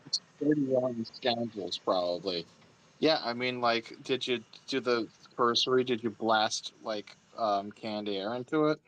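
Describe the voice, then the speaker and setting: A man's voice: medium pitch, measured pace, fairly bright tone, poor audio. A man live-streaming, chatting playfully and repeating catchphrases. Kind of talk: casual chat.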